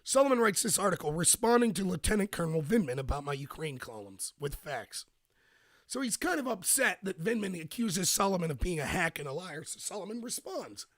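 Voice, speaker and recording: A man hosts a streamed political commentary show into a close desk mic, and the sound is dry with no room around it. His voice sits high and leaps around a lot. He talks with emphasis, a slight roughness, and sudden quick bursts. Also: dry recording. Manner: animated and emphatic, bursts of rapid speech.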